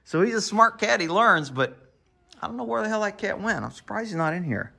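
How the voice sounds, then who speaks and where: A man's voice: high-pitched, very animated, brisk, gravelly, bright, forceful tone, a little hiss or hum. A man vlogging casually about his projects and his cat, rambling and profane. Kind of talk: casual chat. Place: outdoors by a yard and cat shack.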